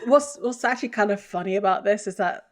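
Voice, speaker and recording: A woman's voice: mid-range voice, fast talker. A young woman co-hosting a podcast, chatting casually with lots of fillers and laughs. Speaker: podcast co-host. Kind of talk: casual chat.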